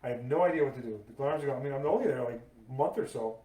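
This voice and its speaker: A man hosting a casual podcast chat, telling his own stories in a lively way. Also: medium pitch, racing, recorded from a distance. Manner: lively storyteller, acts out quoted voices. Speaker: podcast host. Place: podcast table in a room. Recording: echoey room, voice a bit off-mic.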